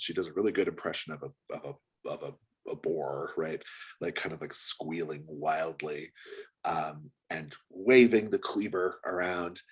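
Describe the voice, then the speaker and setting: Low husky game master man. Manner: relaxed, laughing, many fillers. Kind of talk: narrating a tabletop game.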